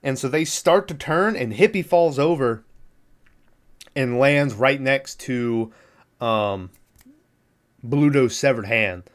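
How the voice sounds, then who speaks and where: Pausing often and talking at a slow pace, this mid-pitched male podcast host retells a film's story in a loose, meandering recap. His speech is packed with fillers and profanity, and he laughs at the movie as he goes.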